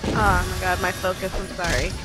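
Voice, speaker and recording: A young woman giving live commentary on a video game, excitable and frantic, often yelling and laughing, with loud game music behind her. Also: fairly low pitch, a little fast. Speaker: gaming let's-player.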